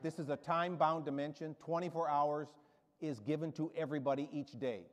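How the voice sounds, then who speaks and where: Older guy preaching loud and fired up, a bit high-pitched, long church-hall echo. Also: steady tone, brisk. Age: 70s. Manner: rousing, emphatic, storytelling with asides. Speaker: guest preacher. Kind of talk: sermon. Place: church sanctuary.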